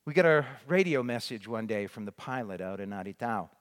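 A man's voice: lowish voice, expressive, fairly quick. Older man telling a mission story. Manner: rambling with many restarts and fillers. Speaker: former missionary. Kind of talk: storytelling talk.

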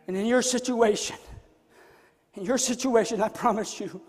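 A man preaching a sermon, moving between soft, intimate passages and loud, shouted declarations. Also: very high voice, steady tone, normal speed, pauses often, husky, soft background music. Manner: swings from hushed to shouting. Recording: long reverb in a hall.

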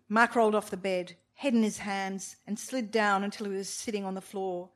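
A woman reading a novel aloud in a mid-range voice, measured and expressive in her storytelling. Now and then she steps outside the text for brief asides to her listeners. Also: medium pitch. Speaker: reader of a novel.

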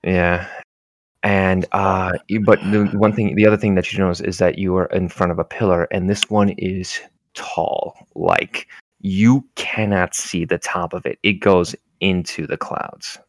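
A man narrating a tabletop game as game master, describing scenes in an unhurried way with many fillers. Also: deep voice, steady tone, dry recording. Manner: unhurried, descriptive, full of fillers like "you know".

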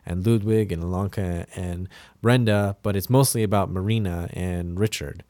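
A man's voice: low voice, steady tone, normal speed, warm tone, no room sound, studio quality. A man co-hosting a podcast, casually talking through a film with many fillers and restarts. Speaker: podcast co-host.

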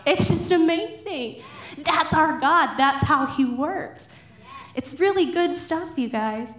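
A young woman with a high voice preaches in a chatty, casual way. She often laughs and acts out Bible figures in lively voices. The sound carries an echo from the room. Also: slow. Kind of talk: casual sermon.

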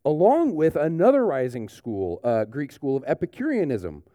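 A man preaching a sermon in a relaxed, conversational way, often dropping in "like" and "you know". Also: fairly high pitch, normal speed, no echo. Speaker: pastor. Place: church.

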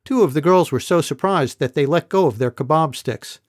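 A man narrating a first-person novel in an even, measured reading voice. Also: on the high side, no room sound, clean studio sound. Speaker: audiobook narrator.

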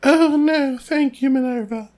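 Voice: mid-range voice, expressive, a little fast, darkish tone, lightly acted. A sugary middle-aged woman official who simpers, read by a podcast co-host. Every line comes out in honeyed, falsely polite tones, sweet on the surface and condescending underneath. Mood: saccharine. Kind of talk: reading a novel aloud on a podcast.

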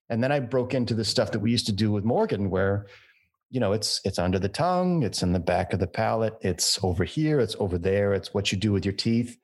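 A man's voice: fairly low pitch, expressive, fairly quick, breathy edge. A man who works in voiceover, chatting and telling stories. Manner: chatty anecdotal storyteller. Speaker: voiceover artist, podcast guest. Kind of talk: casual chat.

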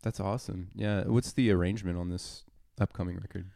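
A man's voice: low voice, fairly even intonation, fairly quick, vocal fry, warm tone, no echo, clean studio sound. A man hosting a podcast, chatting casually and rambling, with lots of fillers. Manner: easygoing, rambling with many fillers. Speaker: podcast host.

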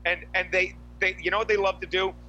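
A man hosting a podcast, telling animated stories in casual chat with lots of asides. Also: high-pitched, fast talker, highs cut off, slight background noise. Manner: animated storytelling, frequent asides. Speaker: podcast host.

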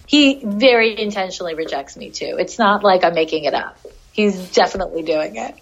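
A woman's voice: mid-range voice, animated, a little fast, creaky. A woman telling a rambling story in casual chat, laughing often and swearing freely. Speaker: podcast guest, animal communicator. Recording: dull lo-fi audio.

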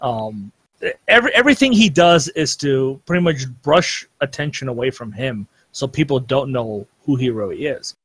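A man's voice: medium pitch, expressive, moderate pace, fairly bright tone, husky, no echo. A man chatting casually on a podcast, rambling with lots of fillers and restarts. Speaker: podcast co-host. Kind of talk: casual chat.

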